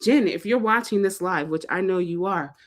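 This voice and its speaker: A woman's voice: fairly low pitch, normal speed. Chatty woman hosting a livestream. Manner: animated, chatty, frequent fillers and playful put-on quotes. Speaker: livestream host, fundraiser organizer. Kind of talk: casual livestream talk.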